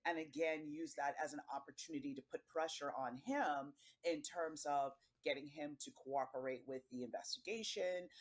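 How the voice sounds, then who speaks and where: A man answering as a news analyst in a measured, explanatory way. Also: a little high.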